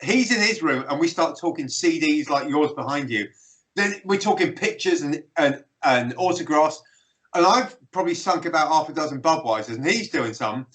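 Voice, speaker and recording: A British musician telling stories as a guest on a video-call interview. His voice sits a touch high for a man, and he laughs his way through lively anecdotes. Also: moderate pace, poor audio. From Britain. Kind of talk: casual storytelling interview.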